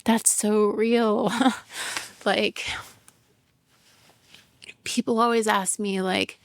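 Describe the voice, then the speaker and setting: Gravelly-voiced woman podcaster, candid and rambling. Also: mid-range voice, flat delivery, extremely slow, pauses often, no room sound, studio quality. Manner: candid, rambling, full of "like" and swearing, laughs often. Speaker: podcast host; business owner and mother. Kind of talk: casual personal monologue.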